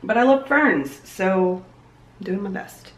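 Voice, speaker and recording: A woman's voice: mid-range voice, measured pace. A young woman chatting casually and upbeat in a home vlog, thinking aloud as she goes. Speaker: vlogger. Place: home room. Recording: echoey room, faint noise.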